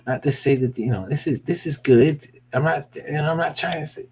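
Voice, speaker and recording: A man's voice: fairly high pitch, moderate pace, few pauses, husky, highs cut off. A man rambling casually on a behind-the-scenes vlog about his business merch, hyped and swearing now and then. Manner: rambling, hyped, swearing, bursts into excited yelling. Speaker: small business owner showing merch.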